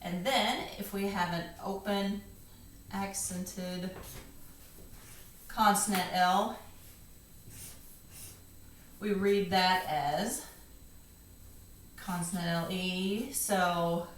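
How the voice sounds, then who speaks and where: A woman's voice: on the low side, fairly even intonation, a little hiss or hum. A woman teaching a phonics lesson, patiently going through the steps one at a time. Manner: slow, patient, step-by-step instruction. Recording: echoey classroom, faint ambience.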